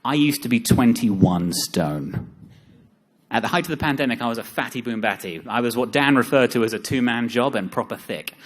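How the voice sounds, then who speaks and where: A young man speaking at a live seminar, joking and self-deprecating, with lively asides to the audience. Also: medium pitch, moderate pace.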